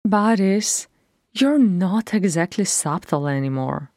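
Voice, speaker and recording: A woman reader voicing a brash, loud younger sister who teases gleefully, in a fan-read audiobook. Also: lowish voice, animated, slow pace, no echo, studio quality, voice pushed up. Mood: teasing.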